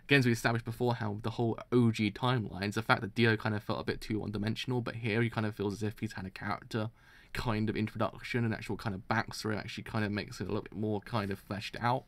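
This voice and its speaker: An excitable young man streams a live reaction, cursing and restarting sentences as his throat stays dry and sore. He talks fast in a fairly low voice, with no echo.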